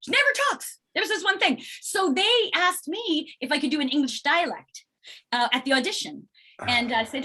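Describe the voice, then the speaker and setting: A middle-aged actress chatting as an interview guest, telling stories in an animated way and acting out what people said. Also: female voice, sits high, a little fast. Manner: animated storyteller acting out quoted exchanges. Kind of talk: casual interview chat.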